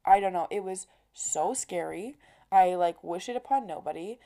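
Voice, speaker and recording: A woman's voice: lowish voice, moderate pace. A woman in her twenties hosting a podcast, telling a story in a chatty way, filling her talk with "like" and acting out quoted exchanges. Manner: chatty, heavy use of "like", animated quoting. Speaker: podcast host. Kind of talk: casual storytelling monologue.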